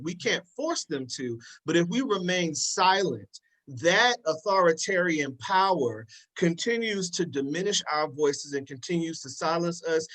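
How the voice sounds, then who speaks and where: A man's voice: on the high side, a bit bright, rough recording. A man speaking as a guest in a live panel discussion, impassioned and preacherly in cadence, often repeating the same phrases. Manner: repeats "in that respect".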